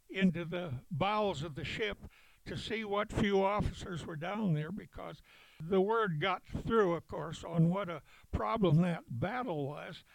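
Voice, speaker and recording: An older man, a veteran, recalling events in a halting storytelling way with chuckles. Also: high voice, gravelly, no room sound, low-quality recording. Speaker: veteran interviewee. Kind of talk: oral history recollection.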